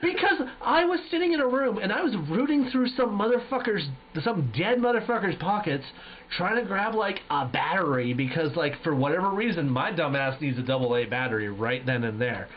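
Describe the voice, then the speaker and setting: A fairly high-voiced man chatting to his stream viewers, swearing freely and acting out his stories with lively energy. The audio is dull and lo-fi, with faint background noise. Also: moderate pace. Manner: animated, profane storytelling, acting out voices. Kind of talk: casual chat to stream viewers. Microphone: headset.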